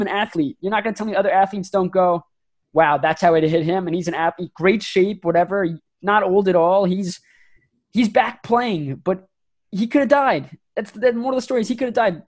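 A man's voice: high voice, darkish tone. A man co-hosting a sports podcast, pressing his point hard and emphatically. He doubles back on his words and leans into each line as his argument builds. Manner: emphatic, ranting, rapid restarts. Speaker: podcast co-host. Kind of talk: heated sports podcast rant.

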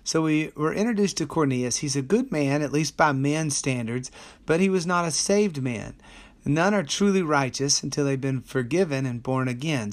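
A man who is a pastor, leading a daily Bible study: he reads scripture aloud in a steady voice and slows down to explain it. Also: mid-range voice. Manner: steady reading with slow, deliberate commentary.

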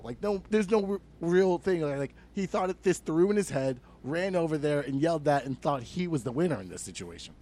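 A young man with a slightly high voice rants about sports on a casual comedy podcast. He swears freely and leans on filler words. His delivery stays animated and chatty. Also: brisk, few pauses. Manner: animated ranting, swears a lot, many fillers. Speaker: podcast co-host.

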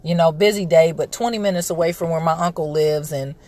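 A woman in her thirties hosting a casual podcast monologue, recovering from a respiratory illness and clearing her throat, telling a story in a chatty way. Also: low-pitched, a little fast, darkish tone. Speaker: podcast host, parent.

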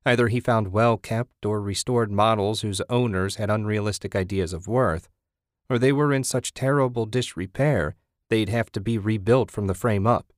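A male audiobook narrator with a low voice tells the story in a steady, measured way. It's scripted narration, recorded dry at studio quality.

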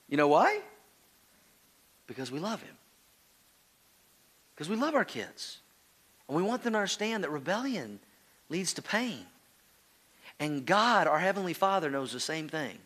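A man preaching a sermon, telling family stories with acted-out voices, then turning soft and earnest. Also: medium pitch. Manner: animated storytelling, acting out his child's pleading voices; drops to a soft, slow earnest tone for the teaching. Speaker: pastor.

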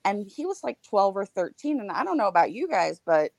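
A woman podcast co-host recounting a personal experience in a candid, animated way, laughing now and then between grim details. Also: mid-range voice, brisk, gravelly, dry recording.

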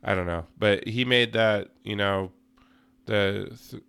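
A man with a low, gravelly voice co-hosting a podcast, tossing in dry, matter-of-fact remarks during casual banter. His delivery is plain and unhurried, with a rough, creaky edge. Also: fairly bright tone, no echo. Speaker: podcast co-host. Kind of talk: casual chat.

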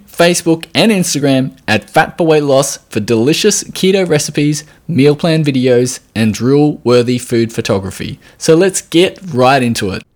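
A man with an Australian accent hosting a podcast, upbeat and chatty with frequent fillers. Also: mid-range voice. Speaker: podcast host. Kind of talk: casual interview chat.

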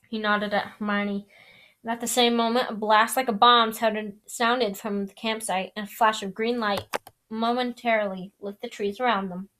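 A woman's voice: mid-range voice, fairly even intonation, normal speed, fairly bright tone. A young woman reading a novel aloud in a casual, apologetic way, often restarting lines. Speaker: reader. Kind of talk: amateur audiobook reading.

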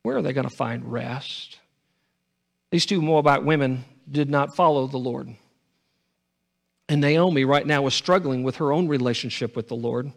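A man's voice: mid-range voice, moderate pace, vocal fry. A man preaching a sermon as pastor, earnest, often stumbling over and repeating his words.

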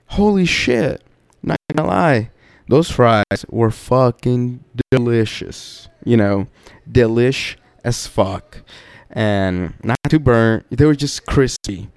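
A man's voice: mid-range voice, expressive, slow pace, clean tone, dry recording. A man hosting a podcast, telling a story in a casual, profane, laid-back way with laughing asides. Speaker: podcast host.

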